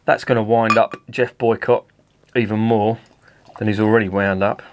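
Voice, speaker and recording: A man's voice: lowish voice, little pitch movement, moderate pace, a little hiss or hum. A middle-aged man, reviewing a beer in a casual, rambling and sweary way at home.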